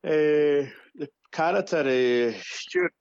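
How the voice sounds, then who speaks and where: A man's voice: a little high, slow pace, smooth, no room sound. A young man in casual chat, rambling and swearing, with lots of fillers. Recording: dull lo-fi sound.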